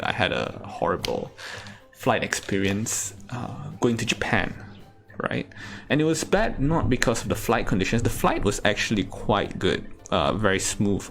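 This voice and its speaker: Male comic, low register, dry storytelling with sudden bursts; faint music bed. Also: creaky. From Singapore. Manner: deadpan storytelling with sudden outbursts. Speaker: stand-up comedian. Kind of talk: stand-up comedy set.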